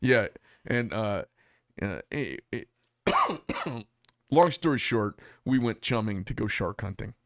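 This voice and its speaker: A man's voice: lowish voice, very animated, slow, creaky, a bit bright, no echo, studio quality. A man from Arizona hosting a podcast, telling a long story in a rambling way with lots of fillers. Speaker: podcast host. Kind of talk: casual storytelling chat. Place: studio.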